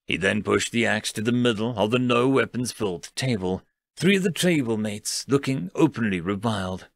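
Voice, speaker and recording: A man narrating a science fiction story in an expressive, dramatic reading. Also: lowish voice, moderate pace, vocal fry, no echo, studio quality. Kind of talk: scripted narration.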